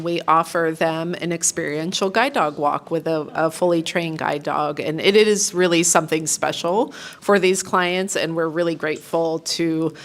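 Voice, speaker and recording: A woman on staff presenting graduates at a ceremony in an upbeat, friendly way. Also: fairly low pitch. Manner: warm, upbeat, reads out a client's letter. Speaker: staff member presenting clients. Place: ceremony on a campus.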